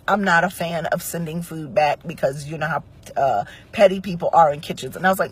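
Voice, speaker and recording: A woman's voice: on the low side, a little fast, husky. A middle-aged woman from Central Ohio telling a storytime rant, acting out the lines of each person in the story. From Central Ohio, United States. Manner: conversational storytelling acting out quoted dialogue. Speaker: vlogger.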